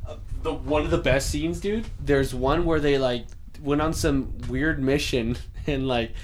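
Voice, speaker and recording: A man's voice: medium pitch, fairly even intonation, measured pace, slight background noise. A young man in casual chat with friends, rambling and swearing as he retells a cartoon scene. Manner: rambling, lots of fillers and restarts, swearing. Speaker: friend in conversation.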